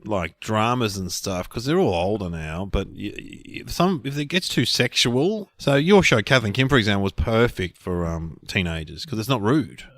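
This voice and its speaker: Man, middle-aged, podcast co-host, lively swooping voice, storytelling, dry studio sound. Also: lowish voice, normal speed, few pauses, no room sound. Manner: animated storytelling with quoted voices. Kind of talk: casual chat.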